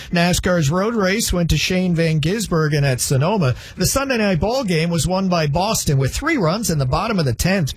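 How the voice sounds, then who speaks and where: A man reading a scripted sports news roundup in a brisk, even anchor delivery. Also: a little high, slightly rough, no echo.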